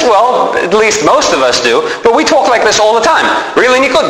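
A man's voice: sits high, big pitch swings, normal speed, few pauses, fairly bright tone. A man teaching a sermon, asking his listeners rhetorical questions and answering them himself. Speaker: preacher. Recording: echoey hall with faint background noise.

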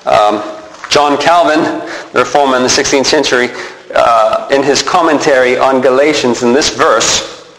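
A man preaching a sermon as pastor, animated and emphatic, often repeating himself as he stresses a point. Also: mid-range voice, moderate pace. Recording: echoey hall with long reverb.

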